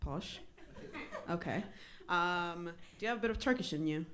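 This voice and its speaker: A woman performing stand-up in a small comedy club, chatting with the crowd in a self-deprecating way, often pausing on "um". English is not her first language. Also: fairly low pitch, a bit bright. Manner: self-deprecating, crowd work, many ums.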